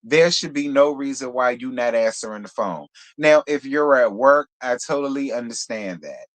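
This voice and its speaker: A man hosting a live reality TV review in casual commentary, sassy and blunt, with profane, animated asides. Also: mid-range voice, moderate pace.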